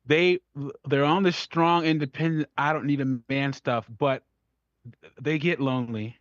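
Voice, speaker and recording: A man's voice: fairly high pitch, fairly even intonation, unhurried, dry recording. Opinionated man with a dull, dry sound. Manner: opinionated, lecturing, repeats words as he starts. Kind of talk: casual talk-show commentary.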